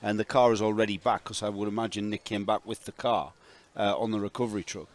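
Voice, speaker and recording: Deep-voiced race commentator. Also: male voice, steady tone, fast talker.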